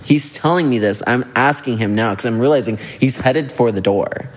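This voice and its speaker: A drunk storyteller at a mid-range pitch rambles on, filling each phrase with "like." They act out every line of the quoted dialogue in casual chat. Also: moderate pace. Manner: rambling, heavy use of "like".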